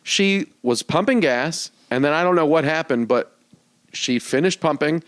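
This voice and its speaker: A man hosting a podcast, telling a story in casual chat, animated and acting out the people in it, swearing freely. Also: a little high, moderate pace, no room sound. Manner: animated, acts out voices in anecdotes, swears freely. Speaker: podcast host.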